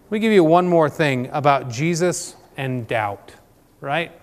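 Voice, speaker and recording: A man's voice: a little high, a little slow. Man leading a church discussion in a hall. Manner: conversational, many fillers and restarts, asks questions. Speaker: church group leader. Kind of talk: informal church talk leading table discussions. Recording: long reverb from a hall.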